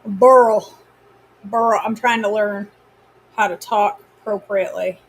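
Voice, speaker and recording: A woman's voice: medium pitch, fairly even intonation, normal speed, slightly rough. A woman with a Maine accent hosts a live cooking stream from her home kitchen. She chats casually and teasingly, answering viewers by name as she cooks.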